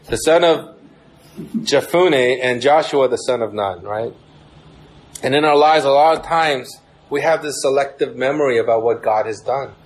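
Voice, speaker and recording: A man's voice: mid-range voice, rough recording. A young man preaching a sermon in a casual, conversational way, acting out prayers with a raised voice. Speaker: pastor.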